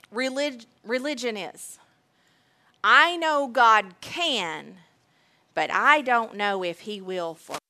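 A woman preaching a sermon, emphatic and deliberate, repeating key phrases. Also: medium pitch, pushed and bright.

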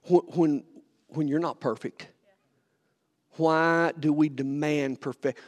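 Impassioned high-voiced preacher. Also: male voice, fairly even intonation, takes it slowly. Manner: impassioned preaching, rising to near-shouts; repeats and stumbles over words. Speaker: pastor. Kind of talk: sermon. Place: church sanctuary. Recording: long hall reverb from a sanctuary.

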